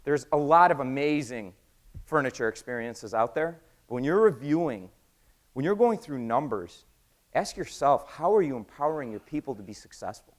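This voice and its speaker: An American man giving an energetic conference talk, quizzing the audience and acting out conversations. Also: medium pitch, normal speed. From United States. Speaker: conference speaker. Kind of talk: keynote talk with acted-out dialogue.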